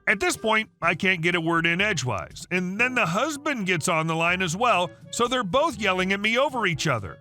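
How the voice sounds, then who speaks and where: Bright, lively male story narrator. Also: high-pitched, soft background music. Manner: brisk, chatty first-person storytelling. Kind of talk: scripted narration of an online story.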